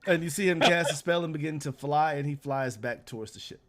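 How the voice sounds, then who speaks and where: A man narrating a tabletop game as game master, in a relaxed, drawling way with many fillers. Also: fairly high pitch, fairly quick.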